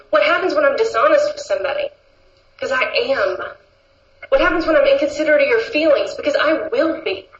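A woman's voice: high voice, a little hiss or hum. A woman giving a personal recovery testimony at a meeting, telling her story with lots of laughter and acting out what others said. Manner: animated storytelling, laughing often, acts out quotes. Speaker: speaker sharing at a recovery meeting. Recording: roomy, slightly dull with faint ambience.

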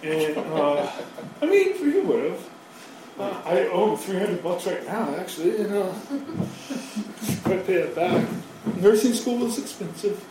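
A man's voice: sits high, very animated, measured pace, long pauses, noisy background. A man in his thirties telling his recovery story in a rambling, profane, self-mocking way. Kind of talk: personal storytelling. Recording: very echoey hall, from far off.

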